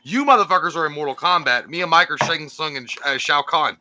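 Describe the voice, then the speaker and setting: A man's voice: fairly high pitch, fast talker, a crowd in the background. A man co-hosting a casual movie podcast, profane and joking, laughing often. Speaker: podcast co-host. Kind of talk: casual chat.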